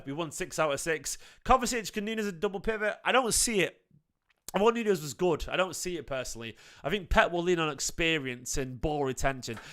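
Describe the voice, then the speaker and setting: Bright-voiced man in his thirties, chatty. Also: a little high. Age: 30s. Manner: chatty, defensive, says mate often. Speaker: fan channel host. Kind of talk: casual reaction talk to live chat.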